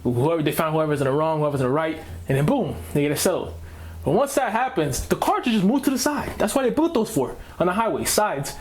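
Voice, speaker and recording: A man's voice: fairly high pitch, expressive, fast talker. A man hosting a reaction video, ranting casually in slang and repeating himself as he talks.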